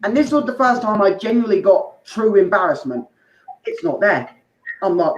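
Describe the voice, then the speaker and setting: A man's voice: high voice, very animated, normal speed. A man doing an open mic stand-up set, telling crude rambling stories with asides to the crowd. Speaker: stand-up comedian. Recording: echoey room, muffled dull sound, faint noise.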